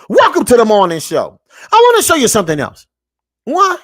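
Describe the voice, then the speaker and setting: An online show host reacts to clips with preachy commentary, lecturing like a street preacher in a sermon-like manner. His pitch swoops wildly as muttered, low asides suddenly erupt into loud, emphatic shouting, and he repeats his points while urging listeners to pay attention. He talks fairly quickly, and the studio sound is clean with no room sound.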